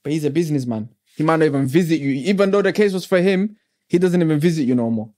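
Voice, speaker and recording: A man's voice: a little high, expressive, fast talker, warm tone. A man hosting a casual interview, talking in a reflective, preachy way with street slang. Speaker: podcast host.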